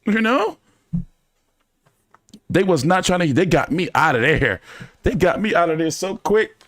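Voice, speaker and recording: A man chats casually with his live audience, swearing freely and padding his stories with fillers. His voice sits on the higher side and leaps around in pitch. The sound is dry and close, with no room echo. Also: moderate pace. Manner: animated, profane, many fillers. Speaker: streamer hosting a fan chat. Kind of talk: casual storytelling to a live chat.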